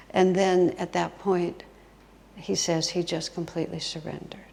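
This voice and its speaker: A woman's voice: fairly low pitch, flat delivery, a little slow, vocal fry, a little mellow. A woman giving a spiritual talk as a guest teacher, telling stories expressively and dropping to a whisper for emphasis. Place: retreat hall. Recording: long hall reverb.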